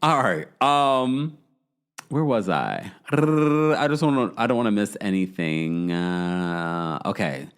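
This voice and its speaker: Animated man recapping reality TV. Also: slow pace, clean tone. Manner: animated, playful, mimics quotes with pitch jumps. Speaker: podcast host recapping reality TV. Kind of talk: casual chat.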